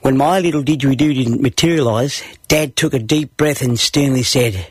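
A man's voice: mid-range voice, normal speed, slightly rough, dry recording. A man with an Australian accent telling a story from his own childhood. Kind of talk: narrated personal story.

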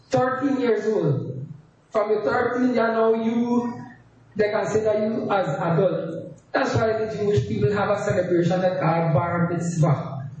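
A man preaching a sermon, slowly explaining scripture and reading verses aloud. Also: high voice, a little mellow, a little hiss or hum. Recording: echoey hall, distant, dull.

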